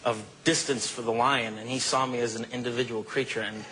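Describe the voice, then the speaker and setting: A man with a mid-range voice tells anecdotes as an interview guest, easygoing and animated. He leans on casual fillers as he goes. Faint noise sits under the recording. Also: mid-range voice, brisk, low-quality recording. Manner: relaxed, animated storytelling with fillers like "you know" and "man".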